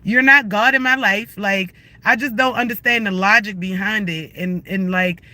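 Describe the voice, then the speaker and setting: A man's voice: sits high, fairly even intonation, normal speed, pushed and bright, dry recording. A man ranting on a phone livestream, confrontational and profane, firing the same questions again and again. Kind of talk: heated livestream rant.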